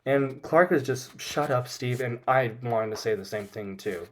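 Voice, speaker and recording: A man talking through a film in a casual commentary, recapping scenes as he goes. He is opinionated and frank. His pitch sits in an ordinary middle range. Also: moderate pace. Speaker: film reviewer.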